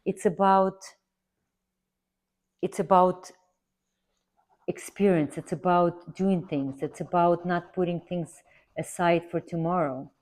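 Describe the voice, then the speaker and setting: Low-voiced woman chatting while she draws. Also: fairly even intonation, slow pace, pauses often, darkish tone. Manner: rambling, earnest, repeats herself for emphasis. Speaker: art instructor. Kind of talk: casual chatty tutorial while drawing.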